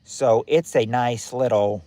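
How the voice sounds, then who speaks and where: A man's voice: mid-range voice, takes it slowly, dark tone, no echo. Chatty man hosting a quiz livestream. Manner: chatty, repeats phrases, reacts to chat names. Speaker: livestream game host. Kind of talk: casual livestream hosting, reading quiz questions.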